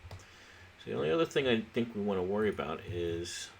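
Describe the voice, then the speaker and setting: A man with a very low voice gives relaxed, halting commentary while he plays a city-building game, thinking aloud as he goes. He sounds a little sleepy, and faint noise sits under the recording. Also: creaky. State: sleepy, yawning. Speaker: let's play host. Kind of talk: casual gameplay commentary.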